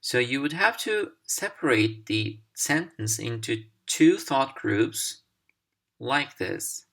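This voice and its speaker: A man whose first language is Turkish presents an English pronunciation lesson at an unhurried pace. He speaks deliberately and articulates each phrase clearly, at a medium pitch. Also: lively intonation, fairly bright tone. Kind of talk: instructional video lesson.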